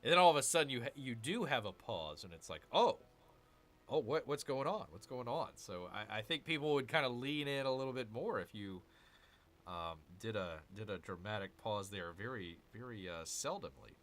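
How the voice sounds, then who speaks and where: A man with a lowish, fairly bright voice hosts a casual let's-play, speaking in an animated, fairly quick way. He chats with viewers and mutters to himself about his moves.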